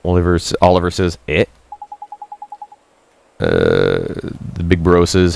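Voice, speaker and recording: A man streams a Japanese game, quoting the characters in a higher pitch and translating, then sinking low for chatty, self-mocking asides. He's very animated yet slow, with a creaky, darkish voice and frequent pauses.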